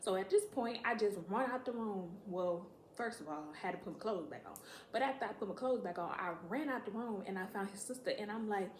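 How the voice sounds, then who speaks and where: A woman telling a story to camera in a casual, profane, animated way, acting out what people said. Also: mid-range voice, fairly quick, slight background noise. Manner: profane, animated, acts out quotes. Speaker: storytime vlogger. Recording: echoey room.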